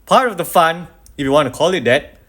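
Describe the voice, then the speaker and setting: A man with a slightly high voice comments calmly, weighing his points in a relaxed, conversational way. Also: a little fast. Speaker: commentator reacting to a clip. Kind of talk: casual reaction commentary.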